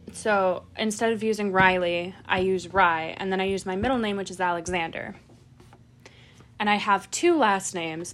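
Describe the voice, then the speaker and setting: A woman co-hosting a podcast, chatting casually at an ordinary pitch. She rambles through stories and breaks into laughter often. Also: a bit bright, slight background noise. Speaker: podcast co-host. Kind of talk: casual chat.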